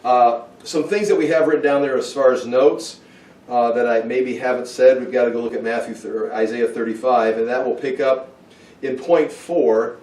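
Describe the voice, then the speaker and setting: A man's voice: medium pitch, fairly even intonation, normal speed, a little mellow. A man teaching a Bible study who thinks aloud with restarts and asides. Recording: roomy, from far off the mic.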